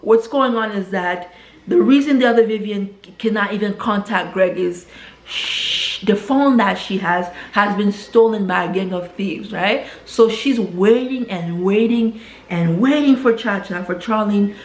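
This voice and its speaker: A woman casually retelling a film plot. She keeps adding "right?" and repeats words as she rushes ahead. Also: medium pitch. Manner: tags nearly every sentence with "right?". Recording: roomy echo.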